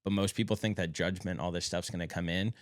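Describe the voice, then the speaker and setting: A man's voice: low-pitched, fairly even intonation, fast talker, no room sound, studio quality. A man co-hosting a podcast, speaking with motivational passion in casual chat and swearing casually. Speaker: podcast co-host.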